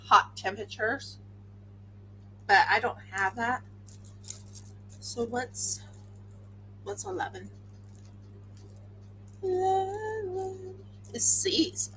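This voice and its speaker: A tired woman hosting a crafting livestream, chatting casually and excitably, often talking to herself as she works. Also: fairly high pitch, slight background noise, poor audio. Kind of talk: casual chat while crafting.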